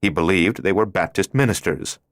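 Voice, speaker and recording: A man narrating a thriller audiobook in a steady, measured reading voice. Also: low voice, dry recording, clean studio sound. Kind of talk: scripted narration.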